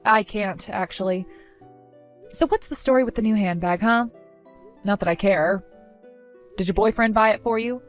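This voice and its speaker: A woman's voice: medium pitch, normal speed, pauses often, soft background music, close to an everyday voice. A woman voicing a weary, exasperated young married woman who answers with dry sarcasm in a text-story skit.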